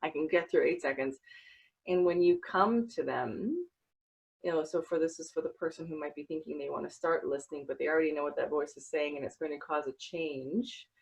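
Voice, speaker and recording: A woman's voice: low voice, a little fast, creaky, husky, low-quality recording. A woman hosting a podcast interview, talking earnestly and reflectively with many fillers. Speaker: podcast host. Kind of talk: casual interview chat.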